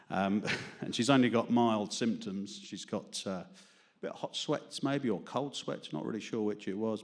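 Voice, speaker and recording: A man with a London accent doing self-deprecating, rambling stand-up and poetry at an open mic before a small studio audience, laughing at his own jokes. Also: fairly low pitch. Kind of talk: stand-up comedy and poetry reading.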